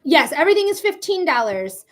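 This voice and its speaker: A woman's voice: high-pitched, very animated, fairly quick, a bit bright. A woman hosting a live psychic reading stream, chatting casually in a blunt, profane way with frequent laughs. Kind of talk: casual livestream chat.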